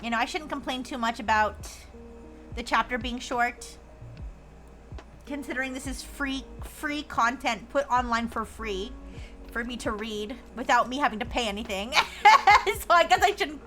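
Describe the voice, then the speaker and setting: Brief: high, bright woman streamer, rambling, playful, stop-start, faint music behind. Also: moderate pace. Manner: rambling with many restarts and fillers; playful, plays a robot persona. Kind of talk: casual chat while gaming.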